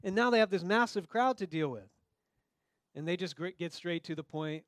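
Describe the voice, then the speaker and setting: A man with a fairly high voice preaches a sermon, talking to the congregation as if in conversation. He acts out the voices of the people in the story. The sound is dry, with no echo around him. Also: moderate pace. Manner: conversational, acts out quoted dialogue. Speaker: pastor.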